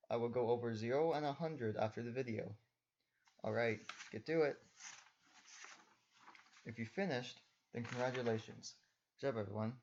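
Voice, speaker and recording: Young male teacher, patient and methodical voice-over, medium pitch, slightly muffled lo-fi mic. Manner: patient, step-by-step instructing. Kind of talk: recorded lesson voice-over.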